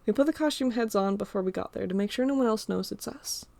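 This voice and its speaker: A woman narrating an audiobook in a steady storytelling read. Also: medium pitch, fast talker, vocal fry, no room sound.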